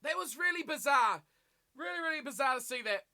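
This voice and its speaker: A man's very high, creaky voice moves briskly as he commentates a rugby match live for his stream. Animated and heavy on rhetorical questions, he reads viewer chat aloud and answers it.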